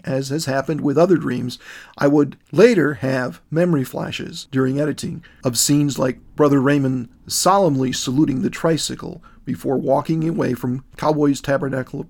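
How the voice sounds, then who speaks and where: A man narrating a detailed dream account in a measured, descriptive reading. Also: a little high, creaky.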